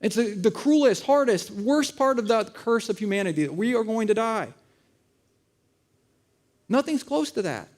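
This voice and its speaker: A man's voice: high-pitched, lively intonation, normal speed, pauses often, darkish tone. A man in his thirties preaching a conversational sermon, telling funny family stories and acting out voices. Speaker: pastor. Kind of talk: sermon with storytelling. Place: church auditorium.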